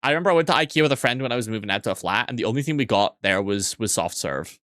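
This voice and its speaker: A man's voice: medium pitch, lively intonation, a bit bright, dry recording, clean studio sound. Chatty, swearing young man streaming. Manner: chatty, swears freely, quick asides and restarts. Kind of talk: casual live-stream chat, reading chat aloud.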